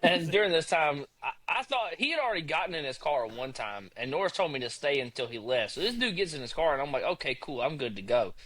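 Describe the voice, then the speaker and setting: A young man casually telling a road-trip story on a podcast, animated and swearing, acting out quotes. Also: on the high side, fast talker, hardly any pauses.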